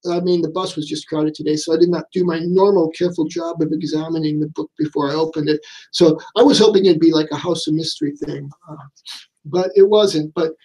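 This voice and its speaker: A man's voice: on the high side, fairly even intonation, fast talker, a little mellow, poor audio. A man chatting casually about a comic book, rambling and full of fillers. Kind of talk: casual chat.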